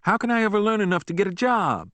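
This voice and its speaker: Man doing a young boy, earnest and anxious, pleading, raised pitch, dry audiobook sound. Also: big pitch swings, quick pace, fairly bright tone, no room sound. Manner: pleading, breathless.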